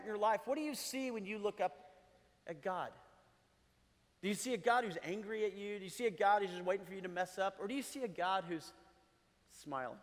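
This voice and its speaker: A man's voice: high voice, fairly bright tone. A middle-aged male pastor giving a conversational sermon, chuckling and asking the congregation questions. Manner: conversational preaching with laughs and asides. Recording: long hall reverb.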